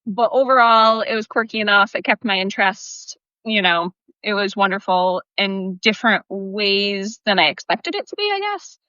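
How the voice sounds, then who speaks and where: A woman with a bright, crisp voice talks about a book in a chatty, animated way, with plenty of "like" and "you know". The sound is dry and a little dull. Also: mid-range voice, normal speed, dry recording. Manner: chatty, animated, many fillers. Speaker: podcast co-host. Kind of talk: casual chat.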